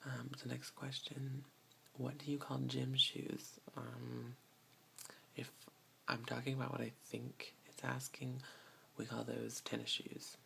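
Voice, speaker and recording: ASMR creator: slow, gravelly whisper with a faint hiss behind. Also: mid-range voice, little pitch movement. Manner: whispers, with soft breathy laughs. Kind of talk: soft-spoken ASMR.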